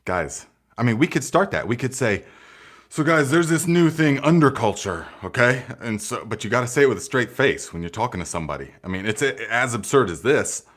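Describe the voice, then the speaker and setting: Guy with a lowish voice doing a live garden q&a, jokey and sarcastic, laughs a lot, keeps saying guys and okay. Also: fast. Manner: animated, sarcastic, laughs often. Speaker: gardening channel host. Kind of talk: live Q&A chat with viewers.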